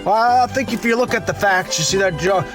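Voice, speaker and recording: A man's voice: sits high, brisk, lightly acted. A man doing an impression of a rambling, confused elderly male politician, played back as a clip with music behind. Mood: bumbling. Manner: rambling, self-interrupting, muddled.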